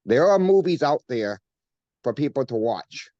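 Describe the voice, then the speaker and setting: A man's voice: mid-range voice, very animated, a little slow, warm tone, dry recording, dull audio. Earnest Maine-accented man. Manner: earnest, repeats the host's name, many fillers. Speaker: coin shop guest. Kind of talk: casual interview chat.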